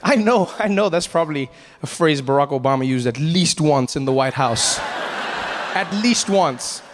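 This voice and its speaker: High-voiced animated comedian from Africa. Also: male voice, normal speed, noisy background. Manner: animated, swinging into shouted impressions. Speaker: stand-up comedian. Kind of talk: stand-up storytelling.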